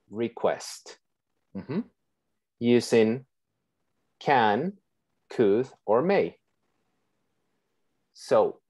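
A woman's voice: extremely low pitch, a little mellow. A woman teaching an online English class on a video call, patient and checking in with her students often. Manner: slow, patient, checks in with okay.

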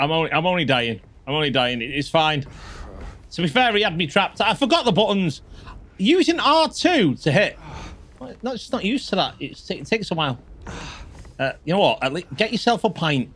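A man talks his way through a live game stream in a somewhat high voice that leaps up and down. He natters to viewers and curses at scares. Steady game noise is clearly heard under him. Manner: chatty, swears and yelps at sudden scares. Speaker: livestreamer. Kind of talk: live gameplay commentary.

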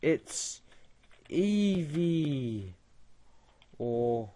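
A man's voice: a little high, very animated, very slow, dark tone. A young man giving casual gaming commentary, mocking and laughing at a chatbot. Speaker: gaming video creator.

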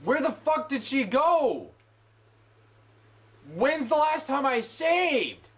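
A man's voice: extremely high pitch, very animated, takes it slowly. A young man giving let's play commentary, swearing in exasperated outbursts. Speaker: gamer.

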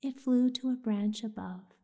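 A woman with a breathy, half-whispered voice, softly narrating a soothing bedtime story. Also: on the high side, a little slow. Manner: soft, half-whispered delivery.

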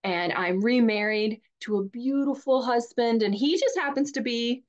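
A woman's voice: fairly high pitch, moderate pace, muffled recording. A middle-aged woman with a Southern accent, talking candidly as a coach in a live webinar, chatty and given to repeating words. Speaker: divorce coach.

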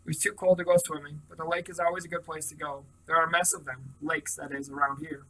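A man reading a first-person novel aloud in a steady, plain manner, with small slips. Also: on the high side, quick pace, far from the mic, rough recording. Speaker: reader.

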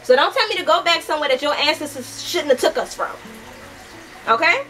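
A woman's voice: high-pitched, lively intonation, brisk, pushed and bright, recorded from a distance, soft background music, poor audio. A young woman from the United States giving a heated, casual book review, swearing often and talking animatedly.

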